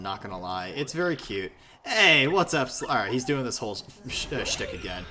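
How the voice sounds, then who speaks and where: A man streaming himself playing a video game, chatting casually with viewers, rambling and swearing with plenty of fillers and restarts. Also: fast talker. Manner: rambling, profane, lots of fillers and self-corrections; animated, jumpy pitch. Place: home streaming setup. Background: video game music.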